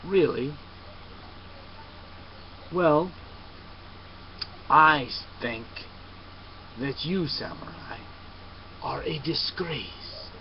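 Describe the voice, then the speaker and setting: A man voicing a calm, wise young male monk who speaks softly and in a measured way, on a dull recording with faint hiss. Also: on the high side. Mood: calm, serene. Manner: soft, quiet, measured.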